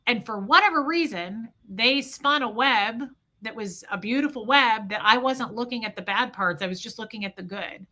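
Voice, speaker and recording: Bright, impassioned woman livestreamer. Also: fairly high pitch, moderate pace. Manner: impassioned, swings between yelling and quiet reflection. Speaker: livestream host. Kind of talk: emotional livestream monologue.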